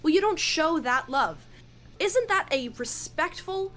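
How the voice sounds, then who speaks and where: High-voiced woman arguing firmly. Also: expressive, a little slow, fairly bright tone. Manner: defensive, pushes back firmly. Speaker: debater. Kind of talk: heated debate argument.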